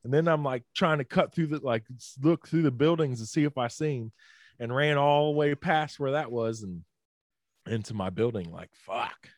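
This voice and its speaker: A man at a middle pitch tells a story in loose, casual chat. He leans on "like" and "dude" and swears freely. The recording is dry, with almost no room sound. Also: moderate pace, no room sound. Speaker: podcast co-host telling a story.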